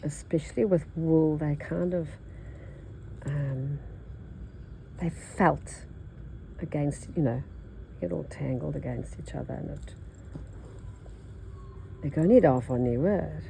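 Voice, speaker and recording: A nasal older woman with an Australian accent chats as she works on her embroidery, thinking aloud and drifting between topics. Her voice sits low and warm, with a gravelly edge. A faint hiss runs under it. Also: slow, long pauses, poor audio. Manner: rambling, chatty, thinks aloud. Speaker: embroidery teacher. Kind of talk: casual chat while stitching.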